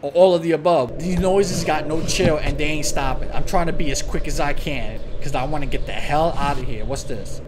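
A man's voice: on the high side, a little fast, few pauses, noisy background. A young man streaming a horror game, talking in slang, swearing and crying out at every scare. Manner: jumpy, loud outbursts, swearing slang. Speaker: gaming channel host.

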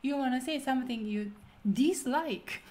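A woman with a Japanese accent hosting a casual language lesson, talking quickly and laughing often. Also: high voice, mellow, a little hiss or hum. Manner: quick, laughing, switches between English and Japanese. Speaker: Japanese teacher host.

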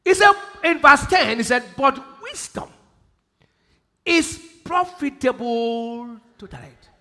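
A man with a Nigerian English accent preaching a sermon, quoting scripture and bursting into shouted emphasis. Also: very high voice, animated, slow. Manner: preaching with sudden shouted emphasis and Bible quotes. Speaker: pastor. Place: large church hall. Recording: live church hall with long reverb.

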